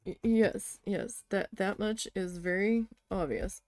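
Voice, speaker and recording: A woman's voice: medium pitch, takes it slowly, no room sound. A young woman, a crafting vlogger, chatting casually and telling a story, swearing freely and acting out what others said. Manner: chatty, swearing, quoting others in lively voices.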